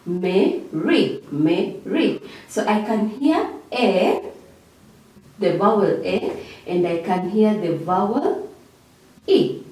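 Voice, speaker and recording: A woman's voice: medium pitch, animated, takes it slowly, pauses often, a little mellow. A woman teacher, giving a revision lesson, who repeats key words and checks in with "okay?". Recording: very echoey room, mic far off.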